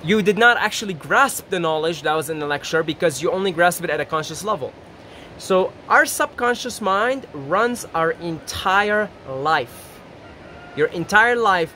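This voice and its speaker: The high-pitched man here is a self-help YouTuber talking casually to camera about motivation. He rambles, stays animated, imitates quoted voices, and laughs often, while a little background noise lingers.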